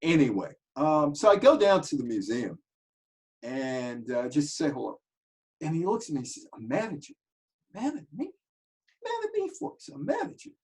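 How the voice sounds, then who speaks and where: Animated storytelling man, lively pitch. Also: moderate pace, rough recording. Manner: animated, jumps in pitch for quoted voices. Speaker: commentator telling stories. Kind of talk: casual storytelling monologue.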